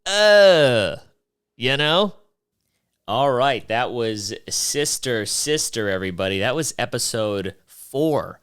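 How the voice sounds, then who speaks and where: A man hosting his own podcast, rambling through past episodes in a joking, animated way and swearing freely. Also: mid-range voice, takes it slowly, smooth. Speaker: podcast host. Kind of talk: rambling solo podcast monologue.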